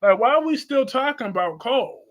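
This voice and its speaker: A man's voice: very high voice, fairly quick. A man hosting a live stream, chatting casually and sassily while answering his chat. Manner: sassy, expressive, answering chat.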